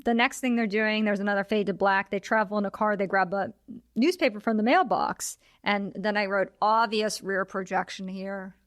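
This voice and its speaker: A woman of middling pitch co-hosts a casual film podcast. She retells scene after scene in a chatty way and slips into quick quoted lines from the characters. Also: steady tone, no room sound, studio quality. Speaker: podcast co-host.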